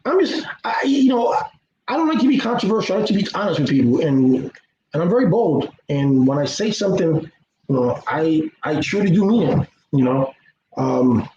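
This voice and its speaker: A middle-aged man talks straight to his viewers in a rambling, earnest vlog, stumbling and repeating words as he preaches. His voice sits a little high for a man. The sound is roomy and dull, with a faint hiss underneath. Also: a little mellow. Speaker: YouTuber. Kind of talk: casual monologue vlog.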